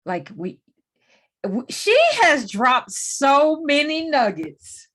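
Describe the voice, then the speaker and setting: A woman's voice: sits high, sing-song, slow pace, a bit bright. A woman hosting a podcast in a casual chat, often chiming in with agreement. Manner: affirming, chimes in with frequent agreement. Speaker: podcast host.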